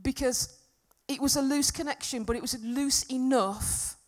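A woman's voice: sits high, a little slow. A middle-aged woman giving a talk at a church gathering, telling a personal story in a chatty, self-deprecating way. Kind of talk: sermon with personal anecdote.

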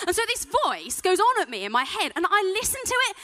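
Bright, lively woman preaching. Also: extremely high pitch, fast. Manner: chatty, self-deprecating storytelling. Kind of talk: sermon with personal stories.

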